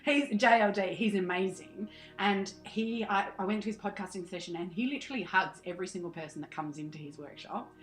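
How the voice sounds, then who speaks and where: A woman's voice: mid-range voice, a little fast, hardly any pauses, roomy sound, faint music behind, low-quality recording. An Australian woman in her thirties, a podcast guest chatting animatedly, laughing often and acting out her past self. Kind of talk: casual interview chat.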